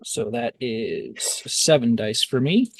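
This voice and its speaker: A man's voice: mid-range voice, expressive, takes it slowly, husky, dry recording. A man playing a tabletop game, talking plainly about his moves. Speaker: player.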